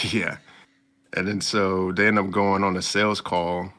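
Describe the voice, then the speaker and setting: A man casually recapping an anime episode as a podcast co-host, slipping into quick mock voices for the characters. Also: sits low, little pitch movement, a bit bright. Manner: loose storytelling with slang and quick mock voices.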